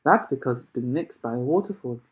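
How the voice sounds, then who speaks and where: A man's voice: medium pitch, animated, close to an everyday voice. Willy Wonka, a man doing a manic chocolate maker. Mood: offering. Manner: exclaiming, brisk, brushes off questions. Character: eccentric excitable male chocolate maker. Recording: tinny phone-like sound.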